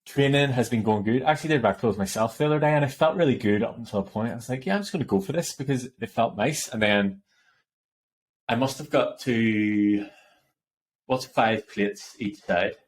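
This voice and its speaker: On a casual podcast, a male co-host tells stories animatedly and laughs often, speaking at medium pitch and a normal pace.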